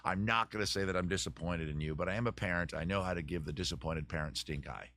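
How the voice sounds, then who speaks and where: A man's voice: deep voice, quick pace, fairly bright tone, slight background noise. A man hosting his live-stream chat show close to the microphone, rambling, joking and poking fun at himself. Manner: rambling, joking and self-mocking.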